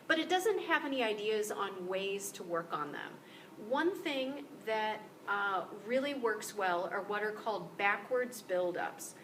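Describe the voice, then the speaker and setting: A woman's voice: medium pitch, a bit bright. A woman teaching a recorded lecture on pronunciation, explaining step by step with many fillers and restarts. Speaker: instructor. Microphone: screen-capture recording, mic at some distance. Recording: distant mic with faint background hiss.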